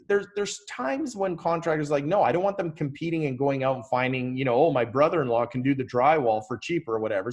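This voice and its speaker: A man casually walking through software on a screen share, talking loosely with fillers and restarts. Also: mid-range voice. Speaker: software tutorial presenter.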